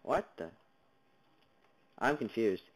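Speaking at a medium pitch and taking his time, a gaming channel host animatedly covers a block-building game in jumpy let's-play style, chattering at monsters and viewers between sudden yelps. His basic computer mic, used without headphones, gives poor audio with a little hiss or hum.

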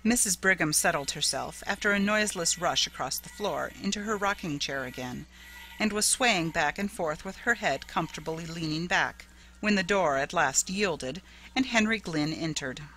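A woman narrating a classic ghost story in a measured, steady way. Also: lowish voice, a little hiss or hum, rough recording.

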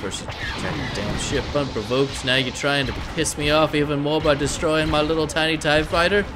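A man doing let's play commentary, excitable and swearing often as he talks back to the game. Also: on the high side, moderate pace. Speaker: gameplay commentator. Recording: game music underneath.

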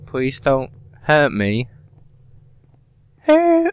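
A man's voice: fairly low pitch, takes it slowly, clear, resonant tone, no echo. A man commenting casually on a horror game, nervous and muttering, swearing when startled, his voice strained. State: sweating, voice strained. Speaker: gaming commentator.

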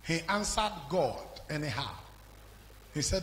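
A man with a Nigerian accent preaching a fiery sermon as pastor, swinging from hushed to shouting. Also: high voice, sing-song, moderate pace, a little hiss or hum. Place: large church hall. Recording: live hall with music behind.

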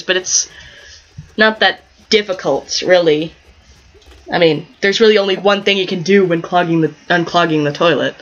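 A woman's voice: mid-range voice, bright, forceful tone. A woman casually commenting while playing a life-sim game, giggling often and rambling in chatty asides. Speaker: gaming channel host. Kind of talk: casual let's-play commentary. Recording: dull lo-fi home mic.

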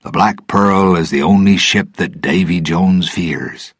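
A man's voice: deep voice, unhurried, slightly rough, dry recording, clean studio sound, heavily acted. A man voicing a worried older male ship's mate who calls orders urgently, in a storybook reading.

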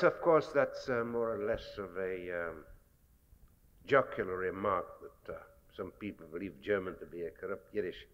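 A man giving a measured, scholarly public lecture, pausing often with fillers. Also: fairly low pitch. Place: lecture hall. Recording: dull archival 1960s lecture recording with long hall reverb.

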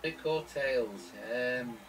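A man's voice: medium pitch, takes it slowly, a loud crowd. A man in casual chat, reading out questions and giving short, plain answers. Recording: distant voice with loud keyboard typing.

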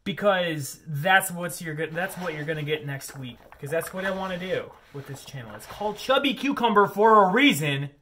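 A man's voice: high-pitched, lively intonation, normal speed, hardly any pauses, bright, forceful tone, slight background noise. A man hosting his cooking vlog, chatty and goofy, rambling as he cooks. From Lower Peninsula of Michigan. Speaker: cooking channel host.

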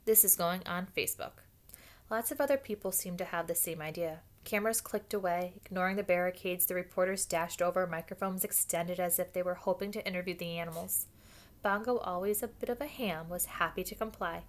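A woman's voice: fairly low pitch, brisk. A woman reading a children's book aloud at home, with casual asides. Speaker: reader.

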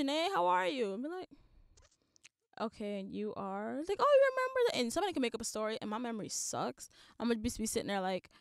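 A woman's voice: medium pitch, clean tone, no room sound, studio quality. Blunt, profane young woman ranting. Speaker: podcast host. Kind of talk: casual monologue.

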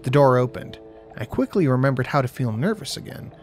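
Guy reading a creepy story, wry and dry, mid-range voice, soft music under it. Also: mid-range voice, lively intonation, fairly quick. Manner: wry, first-person storytelling. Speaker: horror story narrator. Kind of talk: scripted horror narration. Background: faint music.

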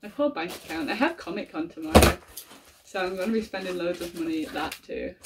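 A woman gushing excitedly through an unboxing vlog, gasping and giggling as she talks. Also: on the low side, fairly quick, heavy background noise. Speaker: collector unboxing a model horse. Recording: voice a little far from the mic.

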